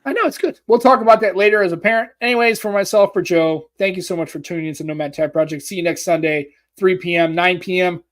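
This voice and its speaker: A man's voice: sits high, fast, few pauses. Joking American man hosting. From United States. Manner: loose, joking, swears freely. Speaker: podcast co-host. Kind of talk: casual podcast chat.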